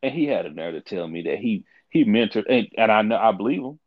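A young man in his twenties chatting casually on a podcast, telling stories in a lively, swooping voice. His pitch jumps around as he acts out the people in them. The sound is dry and a little dull, like lo-fi audio. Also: quick pace, no room sound. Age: 20s. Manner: animated storytelling, acts out quoted people. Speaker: podcast co-host. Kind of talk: casual chat.

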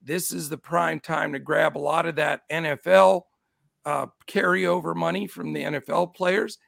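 A man's voice: on the high side, fairly even intonation, normal speed, gravelly, dry recording, studio quality. A middle-aged man with a scratchy voice hosting a casual sports betting show, upbeat as he greets his chat. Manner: upbeat, shouts out chat names. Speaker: show host.

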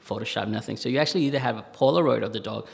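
A man, telling a personal story live on stage in a conversational way, with pauses and fillers. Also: lowish voice, gravelly. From Spanish Harlem, New York. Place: stage in a museum hall, live audience. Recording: reverberant live hall.

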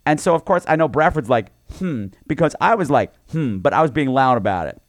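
A man co-hosting a podcast, telling a campy story in a casual, animated way. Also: mid-range voice, quick pace, no echo, studio quality. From New York. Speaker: podcast co-host. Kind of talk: casual chat.

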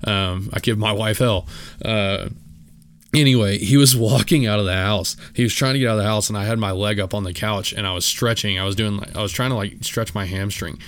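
A man's voice: fairly low pitch, a little fast, fairly bright tone. A young man talking casually on his solo podcast, rambling with many fillers and restarts, and poking fun at himself. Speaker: podcast host.

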